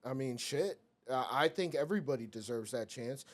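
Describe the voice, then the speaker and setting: A man's voice: medium pitch, expressive, normal speed. A young man talking bluntly and with profanity as a guest on a casual podcast. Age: young adult.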